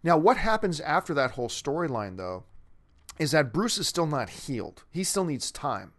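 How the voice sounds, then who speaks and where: A man's voice: a little high, very animated, normal speed, a bit bright. A man hosting a movie news show, chatting casually and enthusiastically in a rambling way as he answers a viewer's question, often restarting his sentences.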